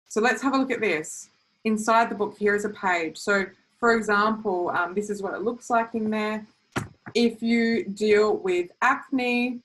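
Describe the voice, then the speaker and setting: A young woman coach talks straight to her listeners about healing, earnest and lively. She speeds up in bursts and slips into playful acted-out quotes, and her voice sits at an ordinary middle pitch. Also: poor audio. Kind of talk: teaching talk to camera.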